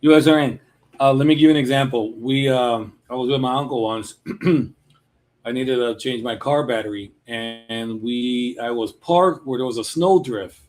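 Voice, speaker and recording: A man from Chicago with a Chicago accent, chatting casually with viewers while drawing on a livestream, laid-back and quick to laugh. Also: medium pitch, darkish tone. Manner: laid-back, laughs often, restarts sentences. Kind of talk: casual chat.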